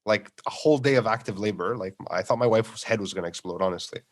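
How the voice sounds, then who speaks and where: A man telling lively, profane stories about his kids on a podcast, acting out every quote. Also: medium pitch, quick pace, hardly any pauses. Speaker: podcast guest. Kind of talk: casual chat, storytelling.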